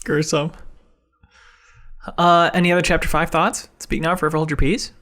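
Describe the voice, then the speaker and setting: A man's voice: fairly high pitch, flat delivery, normal speed, fairly bright tone. A man on a casual game podcast, giving opinions and prompting the others to speak. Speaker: podcast co-host.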